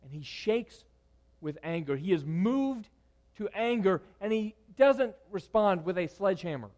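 A man preaching a sermon, moving between loud, emphatic lines and hushed, quiet ones. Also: high-pitched, expressive, unhurried. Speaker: pastor.

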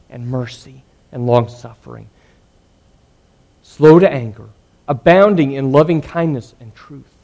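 A man preaching a sermon, earnest, swinging between loud emphatic lines and hushed ones. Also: on the high side, unhurried.

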